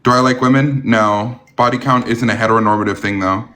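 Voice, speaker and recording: A man's voice: medium pitch, fairly even intonation, fairly quick, sharp tone. A man hosting a live-streamed debate, talking bluntly with a sarcastic, argumentative edge.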